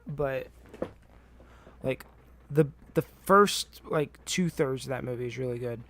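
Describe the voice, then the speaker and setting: A young adult man streaming a video game, tired and rambling, with profane deadpan grumbling. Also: medium pitch, takes it slowly. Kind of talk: casual gameplay commentary.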